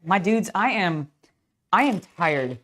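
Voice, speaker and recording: Tired, excitable woman streamer. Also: lowish voice, slow. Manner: scattered, excitable, self-talking. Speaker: streamer building a LEGO set. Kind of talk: casual live-stream chat.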